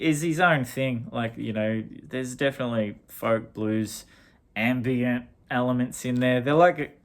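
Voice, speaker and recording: A middle-aged Australian man with a gravelly, creaky voice, talking loosely about his favourite records. He rambles, backtracks and corrects himself, tossing in plenty of casual slang. His pitch sits in the ordinary middle range for a man. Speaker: vinyl collector reviewing records. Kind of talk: casual record review vlog.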